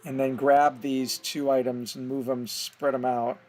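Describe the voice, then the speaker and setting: An animation tutor explains his steps in an easygoing, think-aloud screen-recorded tutorial, correcting himself as he goes. His voice is medium-pitched, flat, unhurried, and a little mellow, with a slight hiss or hum in the recording.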